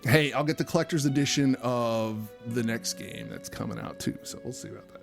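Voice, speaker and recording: A man's voice: mid-range voice, fairly quick, creaky, soft background music. A man co-hosting a podcast, ranting angrily and swearing freely as he tells a story in casual chat. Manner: heated profane ranting storyteller. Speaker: podcast co-host.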